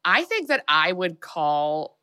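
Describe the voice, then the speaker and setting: A woman's voice: fairly low pitch, very animated, pushed and bright, clean tone. A woman co-hosting a podcast, reacting wryly in casual chat and weighing what she would do. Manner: quick reactive interjections, wry. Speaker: podcast co-host.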